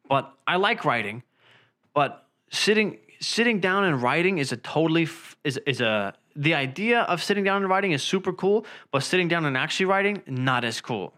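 A young man talking through a casual solo podcast, with a voice a touch higher than most men. He rambles and jokes, restarts often, and lets his phrases sink low at the ends. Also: bright, forceful tone. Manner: rambling, jokey, trails off low. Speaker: podcast host.

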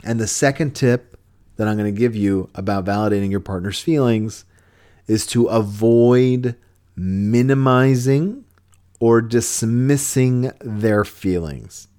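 A man's voice: medium pitch, slow, mellow. A man hosting a podcast, giving relationship advice in an earnest, conversational way with frequent restarts. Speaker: podcast host.

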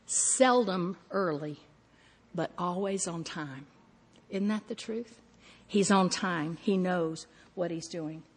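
A woman's voice: medium pitch, husky, long reverb tail. A woman preaching a sermon, telling stories animatedly and acting out her own thoughts.

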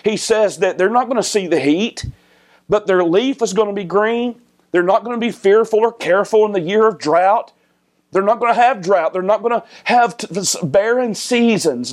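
A male pastor delivering a sermon in a church. He pushes his voice up high and loud on key points, then drops it low and soft as he draws his listeners into prayer.

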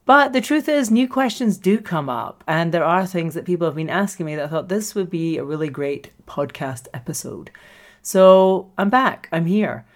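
This is a woman hosting her own podcast and coaching listeners on their creative work. She speaks in a slightly low voice and keeps it lively, laughing easily and slipping into the voices of the people she quotes. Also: moderate pace. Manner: animated, acts out quoted voices, laughs often. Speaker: podcast host and screenwriting coach. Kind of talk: solo podcast monologue.

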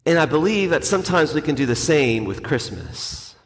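A man's voice: a little high, very animated, normal speed, slight background noise. A man, a priest, telling a self-deprecating story in a casual, conversational homily. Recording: long hall reverb, faint ambience.

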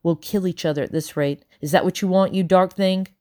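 A woman's voice: on the low side, steady tone, fairly quick, warm tone, close to an everyday voice. A woman voicing a battered, greedy man with a thin, whining voice.

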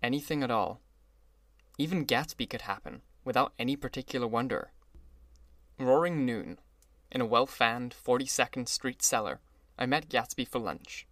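A man narrating an audiobook in a measured storytelling voice. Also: mid-range voice, a bit bright, no echo. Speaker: audiobook reader. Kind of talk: scripted narration.

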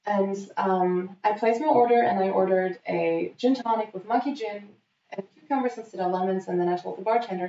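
A woman's voice: medium pitch, fairly quick, far from the mic. A woman telling a funny story in casual chat, acting out what people said. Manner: lively storyteller acting out quotes. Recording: dull, roomy, off-mic sound.

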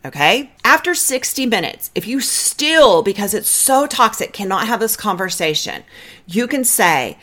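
Lively, direct woman therapist giving advice. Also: medium pitch, unhurried. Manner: direct, coaching, guides breathing counts. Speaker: marriage therapist and podcast host. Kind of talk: podcast advice talk.

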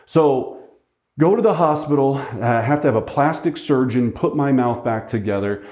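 Mellow-voiced man telling a lesson story. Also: medium pitch, lively intonation, moderate pace. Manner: conversational, often checks in with "right?". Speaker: real estate agent. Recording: roomy echo.

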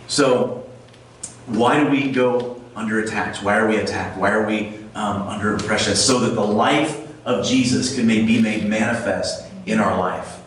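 A man delivers a conversational sermon, reading scripture aloud and asking his listeners questions. His voice sits at a middling pitch and comes from some distance off the mic. A heavy echo fills the large room, with faint ambience behind him. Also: normal speed, fairly bright tone, slight background noise. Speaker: pastor. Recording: echoey room, mic far off.

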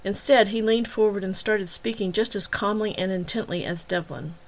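A woman narrating her own serialized novel in a measured, even storytelling voice. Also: mid-range voice. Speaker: author and audiobook narrator.

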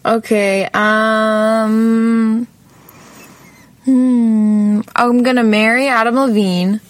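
A woman's voice: a little high, steady tone, very slow, no room sound. A young woman guest in a casual chat, teasing her friend and laughing often. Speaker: podcast guest.

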